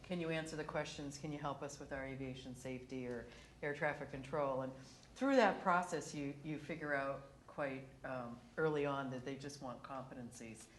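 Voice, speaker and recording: Speaking at a moderate pace in an extremely low voice, a woman on a conference-hall panel tells work stories with plenty of animation, laughing her way through them. The room echoes, and there's slight background noise.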